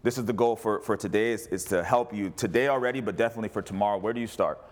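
A man preaching as a pastor, animated, rising to loud cries and dropping to quiet asides. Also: lowish voice, very fast. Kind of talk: sermon.

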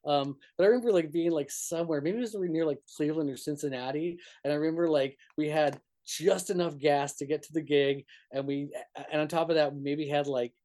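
A touring musician from northern New Mexico tells road stories in a casual storytelling interview, rambling with lots of "like" and restarts and laughing often. His voice is on the high side, steady, fairly quick with few pauses, and a little mellow.

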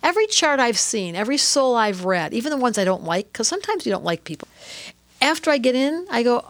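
A middle-aged woman speaking as an interview guest, lively and expressive, often acting out inner voices and laughing. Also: a little high, fast, vocal fry, no echo. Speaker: guest, astrologer and author. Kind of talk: animated interview talk.

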